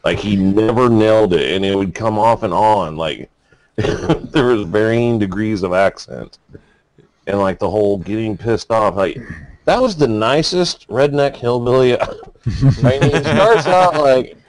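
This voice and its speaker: A man's voice: fairly low pitch, unhurried, dry recording. A man co-hosting an uncensored podcast, rambling casually and laughing as he picks apart a movie. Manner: rambling, laughs often, mimics movie lines. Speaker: podcast co-host.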